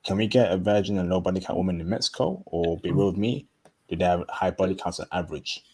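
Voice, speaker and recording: Deep-voiced blunt male interviewer. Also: fast talker, darkish tone, slightly rough. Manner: blunt, matter-of-fact, calls guest bro. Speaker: interview host. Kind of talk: casual interview questions.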